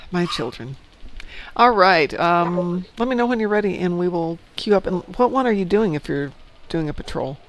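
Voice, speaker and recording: A chatty stream host from Chicago with a gravelly, creaky voice that sits fairly high for a man. He talks casually and rambles from one joke to the next. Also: expressive, normal speed, pauses often, a bit bright, slight background noise. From Chicago, United States. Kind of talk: casual chat while gaming.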